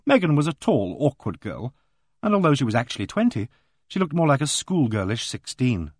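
A man reading a novel aloud as narrator, in measured storytelling style with voiced dialogue. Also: medium pitch, big pitch swings, breathy edge, no echo, studio quality. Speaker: audiobook narrator. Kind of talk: scripted narration.

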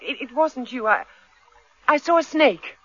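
A woman's voice: high-pitched, lively intonation, a little slow, fairly bright tone, full character voice. An actress playing a poised, wary woman writer in a radio drama, speaking in refined, clipped tones. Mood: alarmed. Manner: refined, clipped speech with nervous stammers. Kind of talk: 1970s radio drama acting. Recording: dull lo-fi radio recording.

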